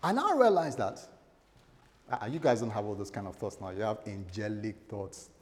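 A man's voice: on the low side, lively intonation, moderate pace, darkish tone. A male pastor delivering a sermon, telling stories animatedly and acting out the voices he quotes. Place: church hall. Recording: long hall reverb.

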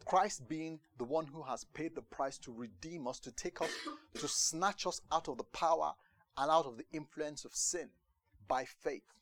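Guy preaching a sermon, jokey storytelling, kinda high voice. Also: moderate pace, a little hiss or hum. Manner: lively, storytelling, joking.

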